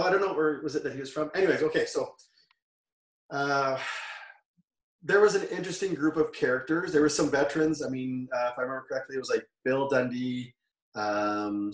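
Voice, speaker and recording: Guesting on an interview, a former wrestler from Canada in his forties speaks with fairly even intonation at a moderate pace in a relaxed, mid-pitched voice. His storytelling wanders, with frequent self-corrections and laughter. The room echoes and he sits away from the mic, which makes him sound far off and hollow.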